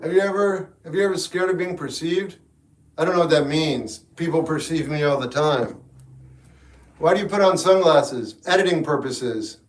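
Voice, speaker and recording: Streaming live, a young man with a fairly high voice rambles from thought to thought at a moderate pace, joking casually and talking back to his chat. The room has a roomy echo, with faint guitar music behind him.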